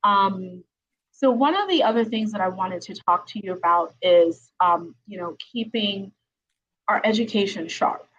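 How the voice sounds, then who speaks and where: A woman's voice: medium pitch, measured pace, a bit bright, lo-fi sound. A middle-aged woman hosting a live-streamed interview podcast from home. She chats casually and laughs often, with many ums and tag questions. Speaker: podcast host, attorney.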